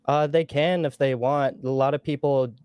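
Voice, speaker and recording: A man calling into an online show, speaking in a shy, hesitant way full of fillers. His voice is smooth and clear, with a mid pitch, and the sound is dry and close. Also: steady tone, moderate pace, darkish tone, dry recording. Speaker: caller, community member. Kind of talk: casual chat.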